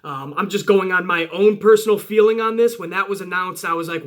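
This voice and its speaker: A young man reviewing a wrestling show in casual, excited commentary, emphatic and full of swearing. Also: high voice, fairly quick, few pauses. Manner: profane, emphatic, hype-driven.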